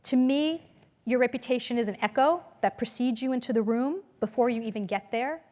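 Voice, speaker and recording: A woman lecturer giving a conference talk to an audience, storytelling in a lively way and acting out the voices she quotes. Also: on the high side, fairly quick. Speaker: business school lecturer. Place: lecture hall.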